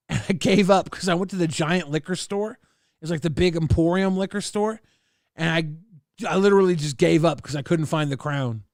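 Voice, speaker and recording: A man hosting a casual livestream, reading viewer messages aloud and making joking, drawn-out hype announcements. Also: a little high, dry recording, clean studio sound. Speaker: livestream host.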